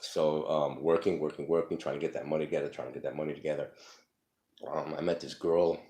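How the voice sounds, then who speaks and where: A man's voice: extremely low pitch, steady tone, fast, warm tone. A man telling his life story casually, profane and rambling, full of fillers, acting out the people in his stories.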